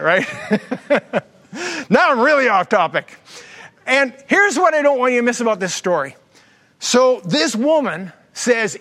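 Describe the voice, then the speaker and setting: A man preaching a sermon as pastor, mixing jokes and stories into his teaching. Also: high-pitched. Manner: jokey storytelling preacher, lively asides.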